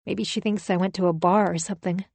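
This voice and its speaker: A woman narrating a first-person thriller audiobook in a measured, wry, confessional manner. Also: medium pitch, steady tone, gravelly, darkish tone, no room sound.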